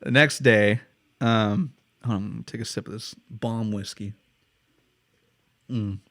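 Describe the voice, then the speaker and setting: A man's voice: on the low side, steady tone, measured pace, a bit bright, dry recording. An American man hosting a podcast, telling stories casually, swearing freely and laughing often. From United States. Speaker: podcast host. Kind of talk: casual storytelling chat.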